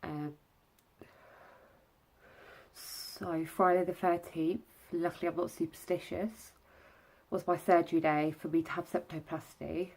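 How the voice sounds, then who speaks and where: A woman's voice: lowish voice, flat delivery, normal speed, darkish tone. Stuffy-nosed woman, short of breath. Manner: chatty and candid, with fillers. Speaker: vlogger. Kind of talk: casual vlog recovery update.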